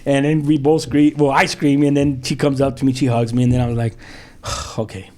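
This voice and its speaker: A middle-aged man from South Central Los Angeles who pastors tells his personal story in a podcast interview. His mid-range voice is level and a little mellow, fairly quick, and he uses plenty of "you know" and acted-out dialogue.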